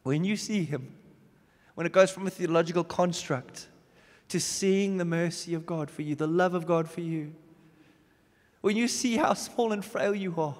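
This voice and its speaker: A man preaching a sermon, swinging from loud emphatic bursts to hushed low drops. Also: moderate pace. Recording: long reverb of a big hall.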